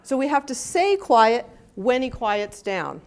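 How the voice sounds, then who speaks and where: A woman gives a talk at a conference in a slightly high voice. She speaks with lively energy and now and then jumps into high, playful voices for dogs and their owners. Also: a little slow. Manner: lively, acts out dogs' and owners' voices with big pitch jumps. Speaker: animal behavior consultant. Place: conference hall.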